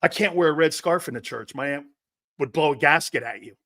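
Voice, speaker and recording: A man's voice: a little high, fairly quick, fairly bright tone, no room sound, clean studio sound. A middle-aged man hosting a sports talk show, brash and profane, telling stories and putting on voices. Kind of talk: animated sports talk monologue.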